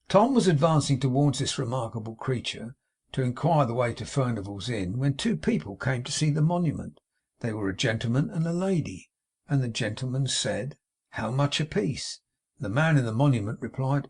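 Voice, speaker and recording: A man with a gravelly, husky voice reading a classic novel aloud in a steady, measured way. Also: medium pitch. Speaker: audiobook narrator.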